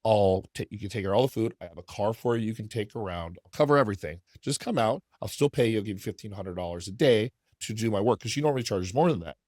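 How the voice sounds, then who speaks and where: Fast-talking man with a low voice. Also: animated, a little mellow, no room sound, studio quality. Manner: fast, rambling, profane. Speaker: podcast host. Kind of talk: casual storytelling.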